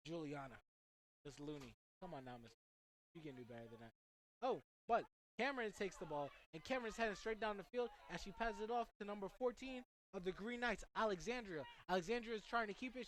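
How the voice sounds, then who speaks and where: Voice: mid-range voice, a bit bright, slight background noise, rough recording. A young student commentator calling a soccer match play by play. The delivery is chatty and loose, drifting into joking asides before coming back to the action.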